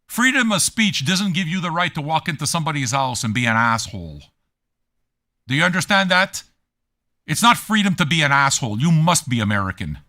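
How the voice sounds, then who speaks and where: A man hosting a livestream tears into his chat viewers with crude, mocking jabs. His voice is sharp and very bright. It rides a little high and swings widely in pitch as he taunts them. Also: sing-song, a little fast. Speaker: DJ and livestream host. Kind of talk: profane rant at chat viewers.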